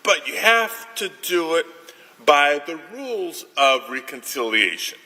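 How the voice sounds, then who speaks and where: A man with a very bright, sharp voice and a fairly high pitch speaks very slowly. He is a senator making a deliberate, indignant floor speech in a large, echoing chamber. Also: very animated. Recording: echoey legislative chamber.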